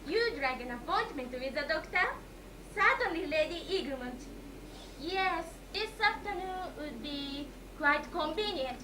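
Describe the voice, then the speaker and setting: A woman playing a prim, dismissive receptionist in an amateur stage comedy, crisp and formal. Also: sits high, lively intonation, a little slow. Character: cool, prim female receptionist. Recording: echoey hall, far mic, hiss.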